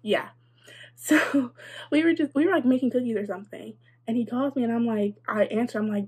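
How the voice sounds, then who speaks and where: A woman's voice: fairly high pitch, fairly quick, darkish tone, slightly rough. A young adult woman telling a casual storytime, chatty and sarcastic, with lots of "like" and wry asides. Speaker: vlogger.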